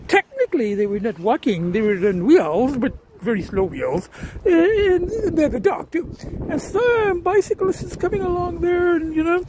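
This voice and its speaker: A man's voice: extremely high pitch, very animated, moderate pace, background noise. A man vlogging casually as he goes about his day, talking in a rambling way with lots of fillers and restarts, often chuckling. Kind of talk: casual vlog commentary. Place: outdoors and around town, restaurant patio, store.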